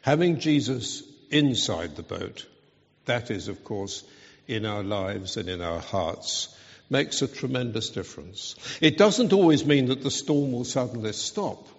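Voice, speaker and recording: A man preaching a sermon, speaking earnestly and with emphasis. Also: medium pitch. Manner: slow, earnest, emphatic delivery. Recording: dull, reverberant hall sound.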